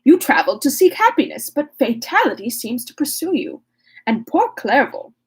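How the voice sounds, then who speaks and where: A woman's voice: sits high, sing-song, moderate pace. Woman reading as a mournful aging father.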